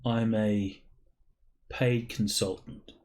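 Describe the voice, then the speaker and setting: A man voicing a plain-spoken male consultant in an online tabletop game, in a halting, measured way with fillers. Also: fairly low pitch, fairly even intonation, a little mellow. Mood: matter-of-fact.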